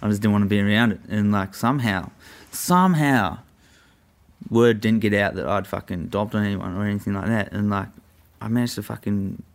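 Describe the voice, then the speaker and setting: A young man tells a story in a loose, rambling way, swearing often and leaning on fillers. His voice sits a little low and has a gravelly, crackly edge. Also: a little fast. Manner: profane, rambling, full of fillers. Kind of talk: casual storytelling.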